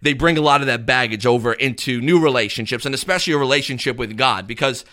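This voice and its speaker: A man, a pastor hosting a radio talk show, chatting and preaching in an animated way. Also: mid-range voice, fast talker. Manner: animated, conversational, acts out quotes.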